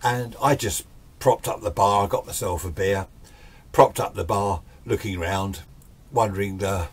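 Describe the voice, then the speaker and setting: A man's voice: fairly low pitch, a little slow, breathy edge. An older man telling a ghost story in a rambling, chatty, self-deprecating way. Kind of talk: casual spoken ghost story.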